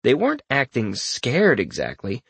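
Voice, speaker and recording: A man narrating a fantasy audiobook in an expressive storytelling manner. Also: medium pitch, normal speed, gravelly, slightly rough, no room sound.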